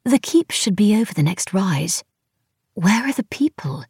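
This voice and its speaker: A woman's voice: mid-range voice, very animated, a little slow, a little mellow, slightly rough, dry recording, studio quality, voice pushed up, exaggerated voice. A woman reading the lines of a curious young noblewoman traveller in a musing, fond tone, as an audiobook character.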